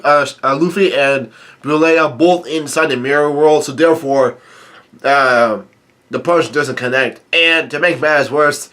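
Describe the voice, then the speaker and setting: A man's voice: on the high side, fairly bright tone. A man with a stuffy nose rambling through a casual read-through of a comic, laughing, with many fillers and restarts. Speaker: comic reader and commentator.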